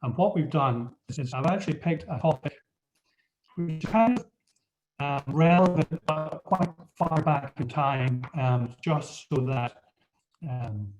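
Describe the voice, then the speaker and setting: Presenting a webinar on a video call, a Scottish man with a slight accent speaks hesitantly, often saying um and restarting. His voice is a little high and he takes it slowly. It's muffled audio from a computer microphone.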